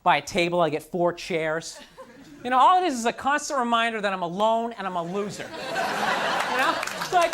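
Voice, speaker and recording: With an extremely high pitch and big swings in his voice, a man performs a fairly quick stand-up routine on a club stage. He rants in a frustrated, self-mocking way and mimics others in mocking voices, and the live recording catches crowd noise and audience laughter.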